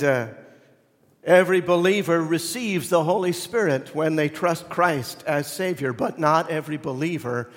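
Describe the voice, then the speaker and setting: Slow-preaching man in an echoing church. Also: a little high. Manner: swings from loud emphatic preaching to hushed near-whispers. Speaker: pastor. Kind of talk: sermon. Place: church sanctuary. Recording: long reverb of a church hall.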